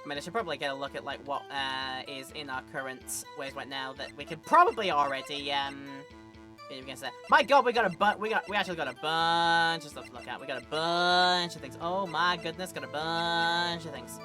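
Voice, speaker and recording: A woman's voice: low voice, a little fast, music in the background. A woman streamer reading game dialogue aloud and chatting casually, with stammers and asides.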